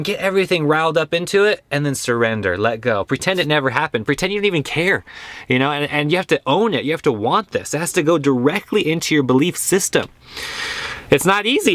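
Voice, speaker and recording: A man's voice: a little high, a bit bright. A young man, a yoga teacher, giving a casual and earnest spiritual talk, repeating phrases for stress.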